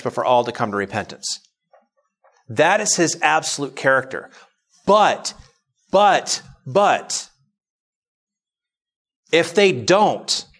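A man's voice: a little high, fairly bright tone. A man pastor giving a sermon teaching, chatty and anecdotal at first, then rising into emphatic, insistent preaching.

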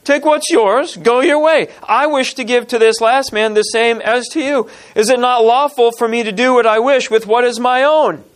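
Male pastor, high voice, lively sermon delivery, plays out the story's characters. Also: normal speed, few pauses. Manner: animated storytelling, acts out parable characters in grumbling voices.

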